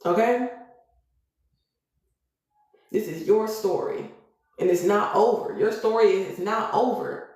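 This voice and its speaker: Woman tarot reader on a live stream, preachy and emphatic, mid-pitched, very echoey room. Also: slow, pauses often, a little mellow. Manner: preachy, emphatic, repeats "okay?" to the audience.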